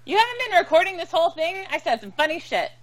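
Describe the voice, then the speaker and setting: A woman chatting casually, with quick laughing asides. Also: very high voice, big pitch swings. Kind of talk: casual chat.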